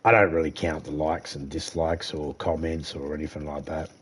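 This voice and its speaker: A man's voice: very deep voice, level tone, moderate pace, slight background noise. An Australian man chatting casually while streaming a game live, rambling easily and greeting viewers by name.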